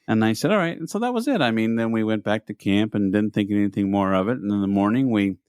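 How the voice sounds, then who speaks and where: A man's voice: lowish voice, expressive, fast, darkish tone, smooth, no room sound, studio quality. A man co-hosting a podcast, telling a story in casual chat and acting out the people he quotes in a raised voice. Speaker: podcast co-host.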